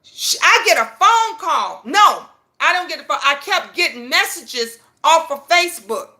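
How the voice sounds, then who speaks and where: A woman hosting her own channel, telling a story in an animated, profane way that rushes ahead at times. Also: extremely high pitch. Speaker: channel host. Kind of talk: casual storytelling vlog.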